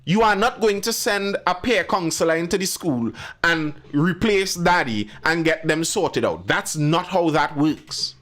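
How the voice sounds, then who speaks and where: A man's voice: a little high, lively intonation, measured pace, few pauses, a bit bright. A man hosting a live stream, giving emphatic commentary and answering viewers in the chat by name. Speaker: live show host.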